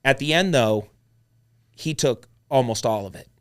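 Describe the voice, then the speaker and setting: A man telling his story as a podcast guest, blunt and animated, swearing freely as he talks. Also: medium pitch, normal speed. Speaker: podcast guest, real estate investor. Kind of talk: casual storytelling chat.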